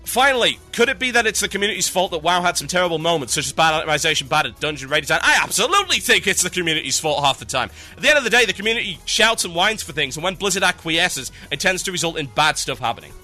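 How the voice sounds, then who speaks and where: Blunt, sharp-voiced male podcast host. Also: a little high, lively intonation, fast, few pauses, faint music behind. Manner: blunt, opinionated, ranting. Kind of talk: casual solo podcast talk.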